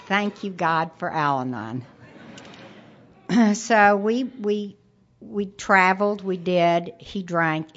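Woman, lowish voice, wry and animated testimony speaker, muffled lo-fi sound. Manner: animated, wry storytelling with dramatic pauses. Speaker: recovery meeting speaker. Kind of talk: personal testimony. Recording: slightly muffled lo-fi recording.

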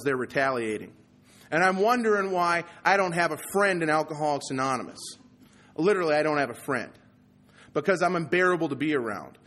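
A man giving a personal testimony talk at a recovery meeting, talking passionately and swinging from loud, heated outbursts to low, quiet confession. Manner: conversational, repeats "you know".

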